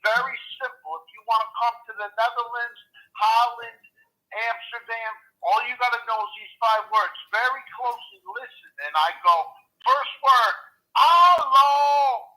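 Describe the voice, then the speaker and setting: A man calling in as a comedian, telling stories in a rambling, animated way with lots of repeats, heard over a phone line. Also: extremely high pitch, normal speed. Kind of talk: phone-in storytelling. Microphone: telephone.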